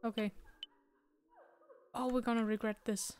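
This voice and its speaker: Woman, let's play host, chatty and jokey, bit higher voice. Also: little pitch movement, unhurried, a little mellow, slight background noise. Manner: chatty, jokey, talks to the game. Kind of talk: casual gameplay commentary.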